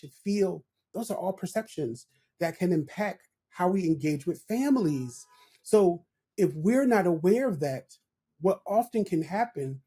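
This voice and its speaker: A man's voice: high-pitched, dark tone, slightly rough. A man who is a guest on a podcast interview, explaining ideas through stories in a reflective, conversational way and often checking in with "right?". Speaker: guest, professional development director.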